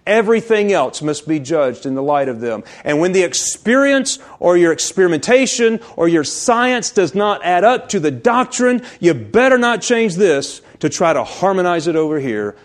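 A man preaching a sermon in an emphatic, repetitive way, slowing on key phrases and dropping to a near-whisper for stress. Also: sits high, big pitch swings.

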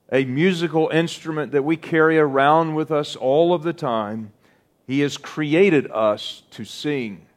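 A middle-aged man preaching a sermon, slow and deliberate, drawing out words for emphasis. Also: fairly high pitch. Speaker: pastor.

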